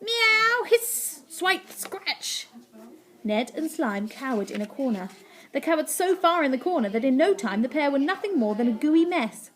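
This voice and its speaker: A woman teacher reading a story aloud to her class, animated and playful, with sound effects. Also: sits high, fairly quick.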